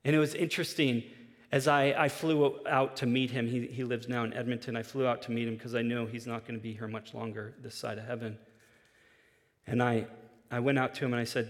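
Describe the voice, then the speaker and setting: A man's voice: medium pitch, little pitch movement, a little fast. Man in his forties, pastor, earnest sermon delivery; voice carries long reverb of a large hall. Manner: earnest storytelling, rising in intensity with repeated restarts.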